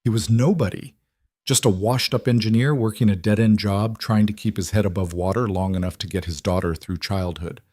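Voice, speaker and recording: A man giving a steady, scripted narration of a story. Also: lowish voice, a little fast, dry recording.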